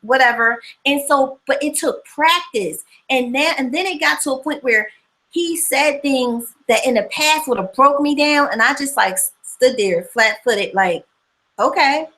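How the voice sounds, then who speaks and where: A woman hosting a casual motivational livestream, reading viewer comments and talking in a chatty, animated way that repeats words for emphasis. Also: high voice, a little slow, low-quality recording.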